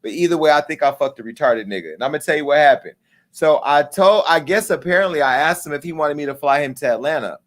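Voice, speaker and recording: A man in his forties hosting a live talk show, telling a story in a casual, profane way and acting out the dialogue with lively jumps in pitch. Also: fast. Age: 40s. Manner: animated, acts out quoted dialogue with pitch jumps.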